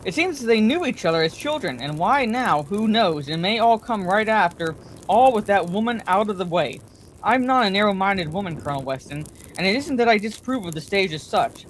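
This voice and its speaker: A woman's voice: medium pitch, animated, fairly quick, slight background noise, close to an everyday voice, low-quality recording. A woman voicing a gushing, gossipy middle-aged wife who chatters on, self-satisfied, in a bedtime story reading.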